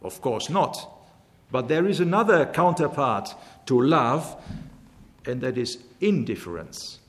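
A man preaching a sermon in a measured, emphatic way, slowly repeating his key phrases. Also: mid-range voice, lively intonation. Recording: long hall reverb.

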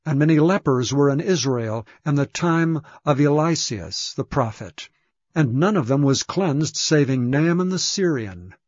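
A man giving a measured, solemn scripture reading. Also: a little high, lively intonation, darkish tone, no echo. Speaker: scripture reader. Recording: dull, dry lo-fi recording.

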